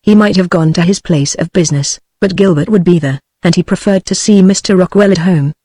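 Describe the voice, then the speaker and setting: A synthetic narrator reads a classic novel aloud at a steady, unvaried pace. It speaks every part in the same middle pitch. The sound is close and completely dry. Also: brisk, no room sound. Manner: even, unvaried text-to-speech reading of all parts. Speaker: audiobook narrator. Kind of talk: scripted narration.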